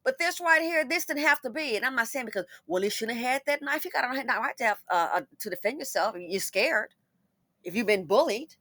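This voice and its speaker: High, lively, indignant woman commentator. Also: a little fast, no room sound, clean studio sound. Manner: indignant, blunt, swears, talks back at the people in the clips. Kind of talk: heated commentary on a news clip.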